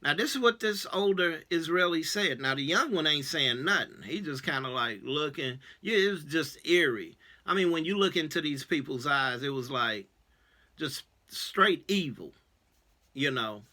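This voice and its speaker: A man's voice: fairly high pitch, expressive, moderate pace, sharp tone. A man, a religious elder, telling a personal testimony in a casual way, with many fillers, acting out what people said. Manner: casual, many fillers, acts out quoted dialogue.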